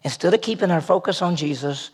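A man's voice: sits high, fast talker, breathy edge. A man preaching a conversational sermon, posing rhetorical questions and rising in emphasis as he goes.

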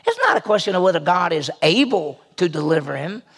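A man preaching a sermon, retelling a scripture story with animated delivery and sudden drops to a near whisper. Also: sits high, a little fast, creaky.

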